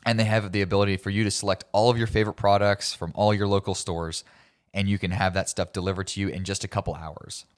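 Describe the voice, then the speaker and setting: A man's voice: low-pitched, level tone, fast. A man with a light Southern American accent, a podcast co-host reading an ad and chatting casually. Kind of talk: casual chat and ad read.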